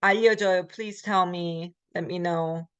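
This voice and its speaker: A woman's voice: on the low side, steady tone, quick pace, fairly bright tone, clean tone, no room sound. A woman teaching Korean grammar in a recorded lecture. She explains in American English, reads Korean example sentences, and often uses fillers and corrects herself. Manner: frequent fillers and self-corrections. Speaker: Korean language instructor.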